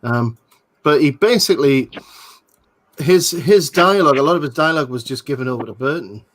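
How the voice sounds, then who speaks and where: A man's voice: on the high side, fairly quick, a bit bright, low-quality recording. A man hosting a casual movie watch-along, sharing film trivia with frequent ums and laughs. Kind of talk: casual film commentary chat.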